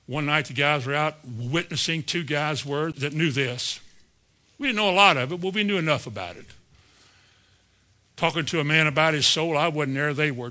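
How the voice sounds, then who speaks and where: A man preaching a sermon, telling stories in a folksy way, dropping into soft asides and rising to sudden emphatic peaks. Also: on the high side. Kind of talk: sermon storytelling.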